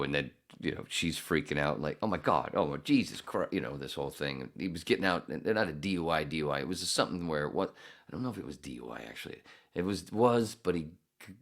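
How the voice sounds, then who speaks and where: A middle-aged man with an extremely deep, low voice tells a long, meandering story on a podcast. He swears freely, laughs often and wanders off on tangents as he goes. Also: fairly bright tone. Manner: profane, rambling, laughs often. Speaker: podcast host. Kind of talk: casual storytelling.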